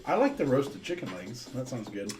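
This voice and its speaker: A man with a middle-pitched voice chats casually with his co-host. He teases in a dry way and reads viewers' messages aloud. Faint music plays in the background. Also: sing-song, moderate pace, darkish tone. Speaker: livestream co-host. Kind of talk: casual chat.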